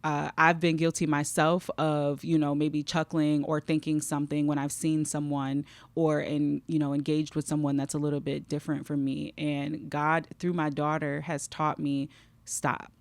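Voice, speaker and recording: Low, gravelly-voiced woman podcast host. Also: level tone, moderate pace, no echo. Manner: warm, emotional, fighting back tears. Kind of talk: heartfelt podcast conversation.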